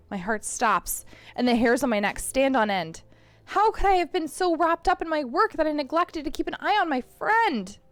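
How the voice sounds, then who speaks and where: A woman streamer reading a first-person story game aloud with expressive storytelling. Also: on the high side, dry recording.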